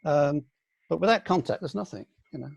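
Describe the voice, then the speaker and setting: An older man from the UK, a senior aikido teacher, reminiscing in a relaxed online question-and-answer session, with many ums and restarts. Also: fairly high pitch, fairly quick, gravelly, husky. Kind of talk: casual online Q&A. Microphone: video call.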